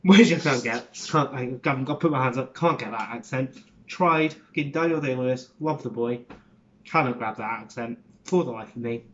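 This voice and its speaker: A man's voice: mid-range voice, normal speed, muffled recording, slight background noise. A man rambling casually through an accent tutorial, swearing and interrupting himself. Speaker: vlogger and acting student.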